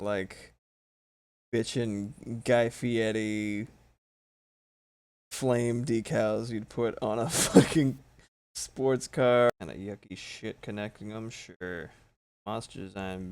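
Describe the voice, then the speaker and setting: A sleepy man with a gravelly mid-range voice talks casually as he draws on a live stream. He rambles, curses without restraint, mocks himself, and yawns from time to time. The tone is clean.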